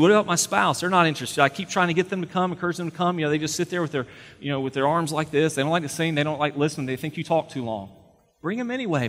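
A man's voice: medium pitch, a bit bright. A middle-aged man preaching a sermon as a pastor, speaking conversationally, repeating words as he goes and building to emphatic points. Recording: long hall reverb.

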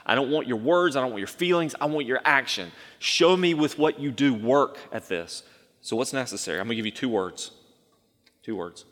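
Male pastor, lively delivery, big echoing church sound. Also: moderate pace. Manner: animated, swings between loud emphasis and low asides. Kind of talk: sermon. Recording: long hall reverb.

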